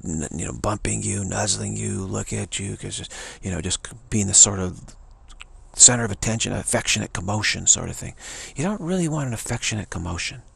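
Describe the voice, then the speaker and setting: Male spiritual teacher, rambling and emphatic, very raspy and low. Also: animated, fairly quick, fairly bright tone. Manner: emphatic, repeats himself, chuckles. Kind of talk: rambling spiritual talk to camera.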